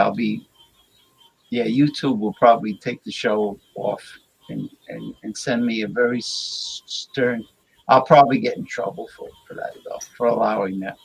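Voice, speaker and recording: A man hosting a livestream reads viewer comments aloud and chats in a crude, rambling way, often stammering and repeating words. His mid-range voice is creaky and husky, and the recording quality is low.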